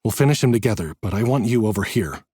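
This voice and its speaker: A man voicing a young male adventurer who shouts tense commands to his party. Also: on the low side, animated, fast, slightly rough, no echo, clean studio sound. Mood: urgent. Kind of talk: audiobook character voice.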